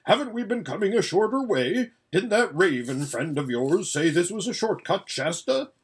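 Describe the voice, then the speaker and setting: A pompous old campaigner of a warhorse, as a man puts him on, gruff and lazy and talking down to everyone. The voice is a little husky and lower than the reader's usual, and it swings up and down as it grumbles. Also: animated, normal speed. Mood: grumbling.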